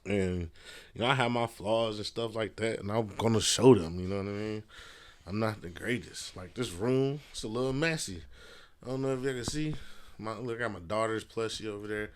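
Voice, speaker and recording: A man's voice: lowish voice, normal speed, a little hiss or hum. A man hosting a casual solo podcast from a messy room at home, rambling loosely with fillers and swearing. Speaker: podcast host. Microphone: podcast mic.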